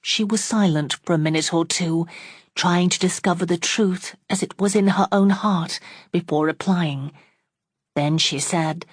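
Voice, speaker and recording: Low-voiced female audiobook narrator, steady and unhurried, dry close sound. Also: slightly rough, dry recording. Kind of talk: classic novel audiobook narration.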